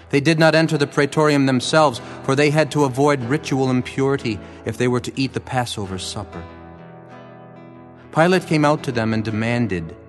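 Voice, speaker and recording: Man reading scripture over guitar. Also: mid-range voice. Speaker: scripture narrator. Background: faint guitar music.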